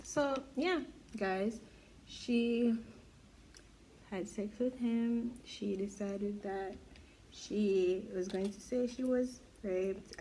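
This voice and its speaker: A young woman vlogger with a warm, mellow voice chats casually through a gossipy storytime while doing her makeup. She talks in an incredulous, exclaiming way, and her pitch sits at an ordinary middle level for a woman. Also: a little hiss or hum, rough recording.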